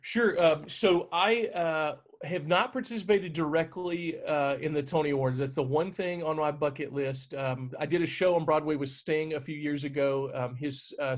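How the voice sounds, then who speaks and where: A man's voice: on the high side, steady tone, normal speed, few pauses. Chatty man talking on a video call. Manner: chatty, friendly, full of fillers and restarts. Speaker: guest stage manager answering questions. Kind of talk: casual talk on a video call.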